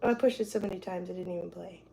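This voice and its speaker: A young woman livestreams casually from her kitchen, chatting, giggling, and laughing easily as she reads and answers viewer comments. Her voice is on the low side with a dark tone, and she talks very fast. The audio is poor, with a little hiss or hum, and music plays clearly in the background.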